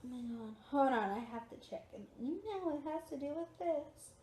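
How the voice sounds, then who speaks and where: A woman's voice: high voice, lively intonation, normal speed, mellow, reverberant, slight background noise. A young woman talking casually to her camera from a recliner at home, tired and yawning, repeating her points with emphasis. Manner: chatty, repetitive, emphatic. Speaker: vlogger.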